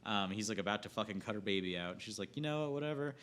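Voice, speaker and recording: A man's voice: fairly low pitch, fast talker. A young man giving a casual, profane movie rant, rambling with lots of filler words and restarts as he retells the plot. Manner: animated plot retelling with acted quotes. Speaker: movie reviewer.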